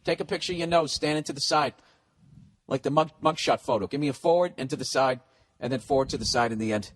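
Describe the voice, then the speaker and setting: A man's voice: medium pitch, fast talker. A man hosting a podcast, ranting bluntly and swearing constantly as he gives advice. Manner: blunt, heavily profane, ranting. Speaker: podcast host. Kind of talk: profane advice rant.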